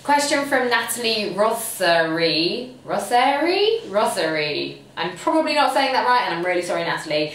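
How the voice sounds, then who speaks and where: A woman's voice: mid-range voice, animated, brisk, hardly any pauses, fairly bright tone, a little hiss or hum. Chatty woman in a very echoey room. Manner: chatty and gushing, full of "um" and "like" fillers. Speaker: lifestyle and fitness blogger. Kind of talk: casual Q&A vlog. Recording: very echoey room, voice far from the mic.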